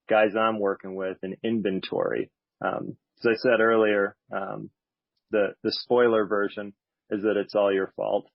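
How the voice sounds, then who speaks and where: Man, low voice, monotone delivery, reflective recovery share, dull lo-fi dry sound. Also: vocal fry, no room sound. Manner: reflective, candid, slightly wry. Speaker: speaker sharing at a recovery meeting. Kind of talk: personal recovery talk. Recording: dull lo-fi recording.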